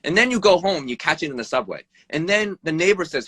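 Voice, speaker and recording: A man who is an emergency room doctor rattles off blunt advice at speed, with a bright, slightly husky voice. He swears freely and keeps asking "right?", and his pitch swings up and down. The sound is dry and close, like a phone on a live video call. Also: fast talker, hardly any pauses, no echo. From United States. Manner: animated, pitch jumps up and down. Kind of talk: interview over a live video stream. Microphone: phone or video call mic.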